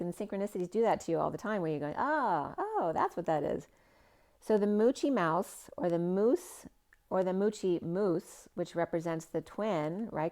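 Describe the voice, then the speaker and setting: Woman tarot reader, somewhat low voice, rambling associative delivery with lots of fillers. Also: darkish tone. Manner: rambling, free-associating, with many fillers and trailing phrases. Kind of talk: spiritual tarot reading monologue.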